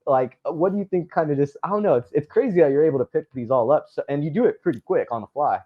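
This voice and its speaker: A man's voice: fairly high pitch, fast talker, phone-quality sound. A man hosting an interview, asking long rambling questions. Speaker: podcast host. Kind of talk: casual interview.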